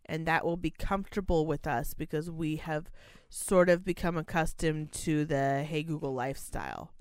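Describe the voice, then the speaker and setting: A woman's voice: sits low, normal speed, a little mellow, smooth, dry recording. A young woman who works in a care home, chatting casually in a blunt, sarcastic way and swearing freely. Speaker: care home worker, podcast co-host. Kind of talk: casual chat.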